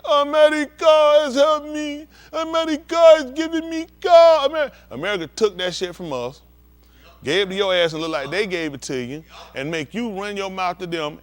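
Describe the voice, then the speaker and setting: A man with a rather high voice preaches in a blunt, heated, profane way. He talks straight at the congregation and acts out scenes with volunteers as he goes. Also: a bit bright. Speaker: pastor.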